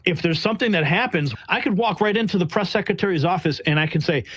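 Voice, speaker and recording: A man with a somewhat high voice tells his stories bluntly and with animation, slipping into quick impressions of the people he meets. The sound is dry and close, with no room around it. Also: breathy edge, dry recording. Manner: blunt, animated, acts out quotes. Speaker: White House press correspondent. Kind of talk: casual interview storytelling.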